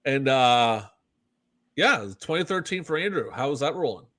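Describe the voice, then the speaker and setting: A man from Canada co-hosting a podcast in casual chat, animated and swearing, acting out little exchanges with quoted voices. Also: medium pitch, moderate pace. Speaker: podcast co-host.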